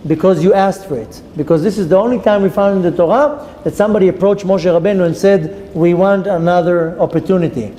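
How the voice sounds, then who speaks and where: A man's voice: high-pitched, fairly quick, few pauses, warm tone. A man who is a rabbi, teaching a Torah class by telling a story with dramatic voices for the people in it and Hebrew terms mixed in. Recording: long reverb with faint ambient noise.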